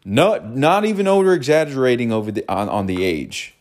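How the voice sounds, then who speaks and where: A man talking in a casual personal monologue, earnest and rambling, often repeating words and restarting his sentences. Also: fairly quick. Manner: animated, jumps high when imitating cartoon voices. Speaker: mental health podcast host.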